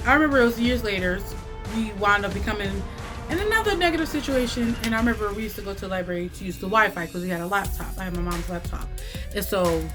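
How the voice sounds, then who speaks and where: A woman telling a story to camera in a casual vlog, animated and cursing freely, with lots of "like" and "right?". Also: mid-range voice. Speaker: YouTube storyteller.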